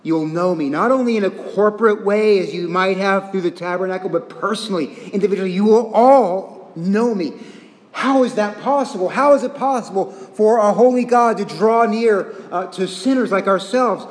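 A man delivers an earnest expository sermon in a fairly high voice. He leans into quiet, deliberate emphasis and then builds to rising intensity. The sound carries a long, echoing reverb from a large hall. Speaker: pastor.

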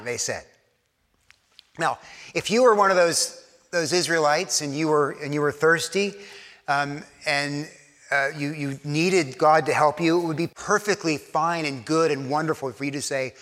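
A man's voice: fairly high pitch, unhurried, pushed and bright. Conversational male pastor in echoing church. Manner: conversational, with frequent repeated words and acted-out quotes. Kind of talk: sermon. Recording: long church reverb.

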